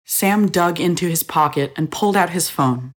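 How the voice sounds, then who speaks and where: A woman narrating a story in a measured, expressive reading. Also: on the low side.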